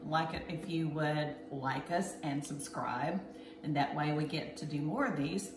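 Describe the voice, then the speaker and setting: A woman's voice: sits low, unhurried, over music. A woman hosting a casual cooking demo, chatty and a bit bossy as she gives step-by-step instructions in her home kitchen. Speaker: cooking show host. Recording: echoey kitchen with clear background noise.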